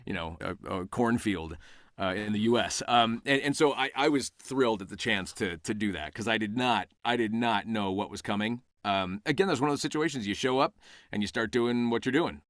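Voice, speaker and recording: A man's voice: medium pitch, dry recording, studio quality. A man being interviewed as a voice actor on a casual podcast, telling stories and acting out quoted exchanges. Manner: animated storyteller who acts out quoted exchanges. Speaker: voice actor guest.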